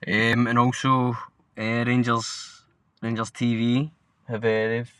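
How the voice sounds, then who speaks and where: A man's voice: medium pitch, little pitch movement, takes it slowly, fairly bright tone, clean tone, no echo. A young Scottish man co-hosting a podcast, chatting casually about football in a blunt, sweary, rambling way. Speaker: podcast co-host.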